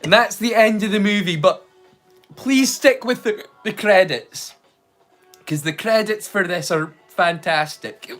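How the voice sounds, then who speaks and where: A man's voice: high voice, measured pace, fairly bright tone, faint music behind. A man hosting a live movie watch-along, rambling casually with jokes and the odd swear word. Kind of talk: casual live-stream chat.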